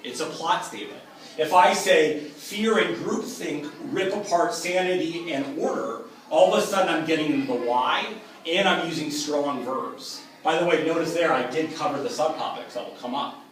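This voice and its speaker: A man's voice: a little high, normal speed, a little hiss or hum. A man giving an upbeat, emphatic writing lesson, contrasting weak and strong examples as a teacher. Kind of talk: explanatory lecture. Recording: echoey room from a distance with faint ambience.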